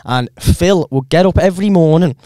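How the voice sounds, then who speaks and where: A young man, hosting a podcast with quick, jokey, swearing banter. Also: fairly high pitch, warm tone, no room sound, clean studio sound. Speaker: podcast host. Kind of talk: casual banter.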